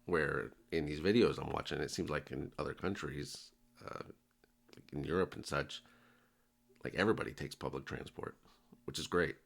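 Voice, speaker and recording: Casting: deep-voiced American man, gravelly, relaxed reaction host. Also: normal speed. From United States. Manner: easygoing, chatty, with many fillers. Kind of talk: casual reaction commentary.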